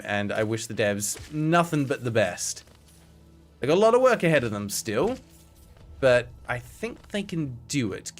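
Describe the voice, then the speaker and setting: A young man streaming a game, chatting to viewers with wry asides and the odd swear. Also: medium pitch. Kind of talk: casual live-stream gameplay commentary.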